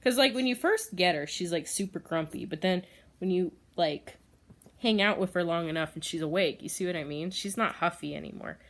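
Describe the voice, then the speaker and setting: A woman's voice: on the low side, a little fast. Rambling woman chatting at home. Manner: rambling, many fillers, laughs often. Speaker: vlogger. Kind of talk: casual chat.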